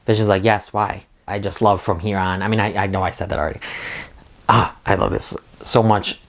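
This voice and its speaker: A man's voice: sits low, fairly even intonation, fairly quick. A man hosting a casual spoiler recap and review, talking with eager enthusiasm and a lot of "like" fillers. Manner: enthusiastic, rambling with frequent "like". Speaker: video reviewer and host.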